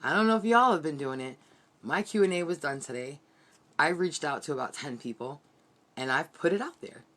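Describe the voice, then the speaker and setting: A woman's voice: deep voice, expressive, fairly quick, a bit bright. A woman giving an earnest, heartfelt motivational team training from her bedroom. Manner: earnest, heartfelt, repetitive pep-talk.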